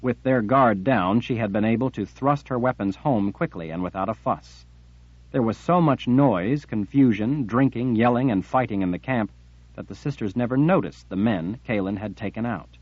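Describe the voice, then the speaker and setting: A man reading an audiobook in a steady, measured way. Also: on the low side, husky, dry recording, muffled recording. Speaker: audiobook narrator. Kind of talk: audiobook narration.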